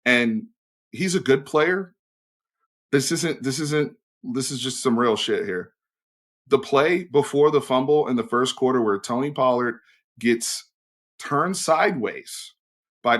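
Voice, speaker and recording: A young adult man giving opinionated, blunt commentary as a sports host. He swears freely and swings between loud outbursts and low, emphatic asides. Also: expressive, measured pace.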